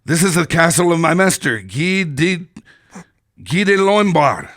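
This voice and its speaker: A man's voice: sits high, big pitch swings, unhurried, vocal fry, fairly bright tone, smooth, exaggerated voice. An older man reading as a sneering French guard. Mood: taunting. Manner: mocking taunts read off a script.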